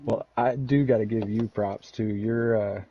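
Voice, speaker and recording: A man's voice: fairly low pitch, fairly even intonation, moderate pace, husky. A man from Texas with a Southern drawl, co-hosting a podcast in easygoing, encouraging casual chat. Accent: Texan Southern drawl. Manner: easygoing, encouraging, restarts often. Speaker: podcast co-host. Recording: dull, lo-fi mic.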